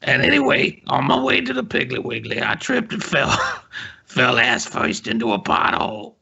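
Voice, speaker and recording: Brief: a man imitating a giggly, drawling, gravelly dimwit, sharp and breathy, dull sound. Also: mid-range voice, huge pitch swings, moderate pace, full character voice. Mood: goofy. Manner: meandering, giggly, drawled storytelling. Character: rambling bearded man, slow dim storyteller.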